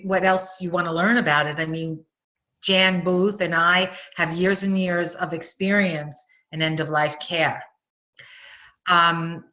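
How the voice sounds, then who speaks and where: A middle-aged woman with a Long Island accent hosts a webinar, chatty and encouraging, filling pauses with "um" and "you know." Her voice is bright and a touch on the low side. The sound is dull and lo-fi, like online meeting audio. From Long Island, New York. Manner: chatty, encouraging, with frequent fillers and laughs. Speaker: webinar host and nurse coach educator. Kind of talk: casual webinar Q&A.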